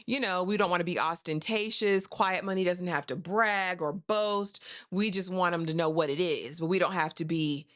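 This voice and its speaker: A woman's voice: on the low side, moderate pace, few pauses, no room sound, clean studio sound. A woman giving a casual recap of a TV episode, chatty and sassy, with asides like "honey" and "girl". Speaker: TV recap host.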